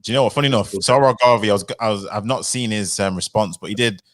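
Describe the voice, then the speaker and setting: A man's voice: lowish voice, quick pace, no echo. A man chatting casually as a guest, loose and offhand. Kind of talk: casual chat.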